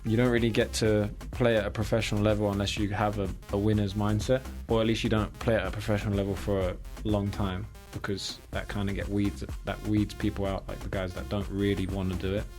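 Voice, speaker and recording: A young man with a fairly low voice talks as a guest on a studio podcast. He answers calmly and earnestly, thinking aloud, and faint music plays underneath. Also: a little fast, few pauses. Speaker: guest, professional footballer. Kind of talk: casual interview.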